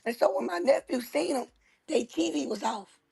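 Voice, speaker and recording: A woman's voice: high-pitched, animated, normal speed, vocal fry, a little mellow, breathy edge. A woman host, telling a story in casual chat, with emphatic, dramatic repetition. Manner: emphatic, dramatic retelling with repeated phrases.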